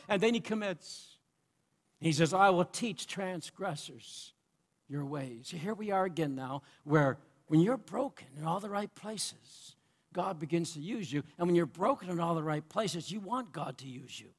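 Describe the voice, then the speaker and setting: A male preacher with a very high voice delivers an impassioned sermon. He swings between loud, fervent cries and quiet asides. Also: normal speed.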